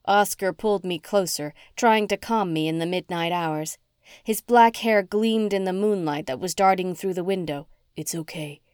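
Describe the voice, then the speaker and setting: A woman reading a first-person novel aloud as an audiobook narrator, with expressive, dramatic storytelling. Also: lowish voice, normal speed, clear, resonant tone, no echo, clean studio sound.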